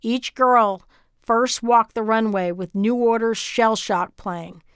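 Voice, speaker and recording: A woman from Texas reading her memoir as scripted audiobook narration, in a measured, even storytelling manner. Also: a little high, smooth, no room sound, clean studio sound.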